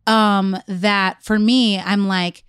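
A woman co-hosting a casual parenting podcast at a middling pitch. She comes across as supportive and thoughtful, and her voice is recorded close and dry. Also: flat delivery, slow pace, a bit bright, clean tone, dry recording. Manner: supportive listener, affirming often, thoughtful when she talks. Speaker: podcast co-host. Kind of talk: casual chat.

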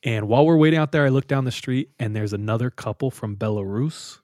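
Animated young man telling a story. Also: medium pitch, fast talker, dry recording, studio quality. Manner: animated, laughs often, acts out quoted people. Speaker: podcast host. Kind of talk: casual storytelling among friends.

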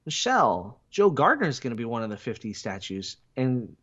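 Animated man, dull lo-fi podcast sound. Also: medium pitch, normal speed, slightly rough. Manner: animated, skeptical banter. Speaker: podcast co-host. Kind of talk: casual chat.

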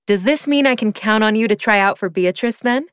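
A woman's voice: mid-range voice, a little fast, clean tone, no room sound, studio quality, pitched above the performer's own voice, close to an everyday voice. A woman voicing a sassy female best friend with a Southern US accent and a teasing drawl.

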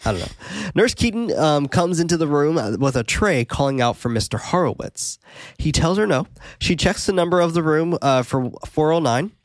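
A man's voice: a little high, animated, normal speed, no echo. A man casually recapping a horror movie for a podcast, laid-back, with fillers and laughs. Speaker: podcast host.

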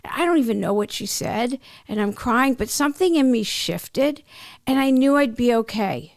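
Middle-aged woman with a gravelly voice. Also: on the high side, expressive, normal speed, a little mellow, dry recording, clean studio sound. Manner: emotional, tumbling and self-interrupting. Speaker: interview guest. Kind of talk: candid personal storytelling.

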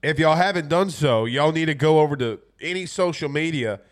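Congested guy hosting a sports show, kinda rambly, voice on the higher side. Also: a little fast. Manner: laid-back, rambling with fillers. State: congested from a cold. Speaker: podcast host. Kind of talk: casual sports talk, reading viewer comments.

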